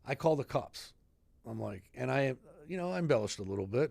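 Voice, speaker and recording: Speaking fairly quickly at a medium pitch, this fifty-something retired fire captain has a slightly rough voice with vocal fry. He's an animated storyteller who acts out dialogue as a guest in a casual podcast interview, recorded with no echo in an Idaho podcast studio.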